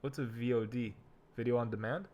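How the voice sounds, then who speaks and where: A man's voice: medium pitch, steady tone, brisk, darkish tone. A young man hosting a crypto livestream, trading laid-back jokes in casual banter. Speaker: crypto streamer, host. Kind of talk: casual stream chat.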